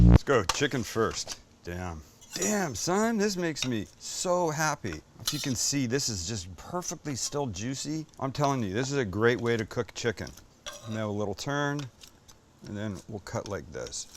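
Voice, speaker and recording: A man's voice: mid-range voice, big pitch swings, unhurried, noisy background. A man hosting a casual cooking show in a kitchen, enthusiastic and joking, swearing casually as he cooks.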